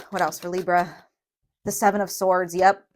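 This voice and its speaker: A woman's voice: lowish voice, flat delivery, measured pace, a little hiss or hum. Emotional woman tarot reader. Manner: emphatic, emotional, talks straight to viewers with frequent "okay?". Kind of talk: tarot reading.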